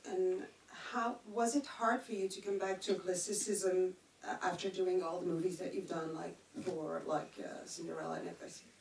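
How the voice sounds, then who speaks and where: A woman in the audience asking her question into a handheld mic, pausing and hunting for words. She sounds far off in a roomy cinema hall, with faint murmur behind her. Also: medium pitch, a little mellow, slight background noise. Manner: hesitant, searching for words. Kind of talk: live Q&A question. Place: cinema screening room. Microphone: handheld mic passed through the audience.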